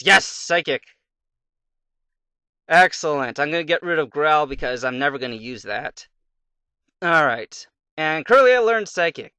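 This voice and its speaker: A man's voice: a little high, lively intonation, moderate pace, sharp tone, clean tone, no echo. A young man casually commenting on his gameplay, rambling through a fairy tale between moves and muttering to himself. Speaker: let's play commentator.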